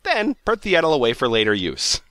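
A man's voice: mid-range voice, huge pitch swings, brisk, sharp tone, clean tone, no room sound. A man hosting a casual comedy podcast, reading a blog post aloud and giggling often as he goes. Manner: giggly, reads aloud with frequent laughs.

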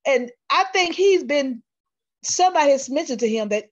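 A woman's voice: high voice, expressive, moderate pace, highs cut off. A woman in a Sunday school class chatting casually, trailing off mid-sentence. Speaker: class member. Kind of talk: casual chat.

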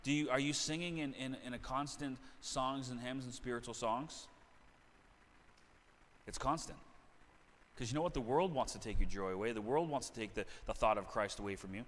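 A man's voice: mid-range voice, moderate pace, a bit bright, in a large hall, a little hiss or hum. A middle-aged man preaching a sermon as pastor, talking in a conversational way that repeats and restarts phrases. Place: church sanctuary.

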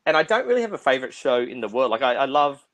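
A middle-aged Australian man speaking in a conversational interview over a video call. He talks fast and keeps restarting his phrases. His voice sounds dry, with no room around it. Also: medium pitch, sing-song, fairly bright tone, dry recording. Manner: fast-talking with frequent restarts. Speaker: theatre producer.

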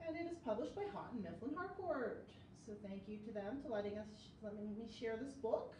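A woman, a children's librarian, reading a picture book aloud to kids in a lively sing-song way with sound effects. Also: a little high, fairly quick, far from the mic, noisy background. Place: library story room. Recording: echoey room, voice from off-mic.

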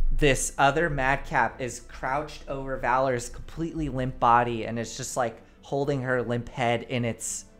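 A woman's voice: extremely low pitch, fairly bright tone. A woman narrating as the game master of a tabletop role-play stream, giggly and rambling with fillers, on a desk mic.

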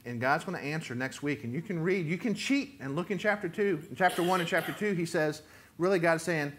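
Animated man preaching a sermon. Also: on the high side, fast. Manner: animated preaching, rising loud for quoted voices. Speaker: pastor.

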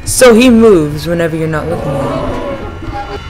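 A young man giving excitable let's play commentary on a horror game, yelping and shouting when startled. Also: fairly high pitch, a little fast, music in the background. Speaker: gaming YouTuber.

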